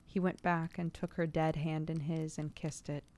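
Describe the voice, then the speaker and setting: Low smooth woman reading aloud. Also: little pitch movement, a little mellow. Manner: measured reading, breaks off laughing at stumbles. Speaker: streamer reading a novel aloud. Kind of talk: reading a classic novel aloud.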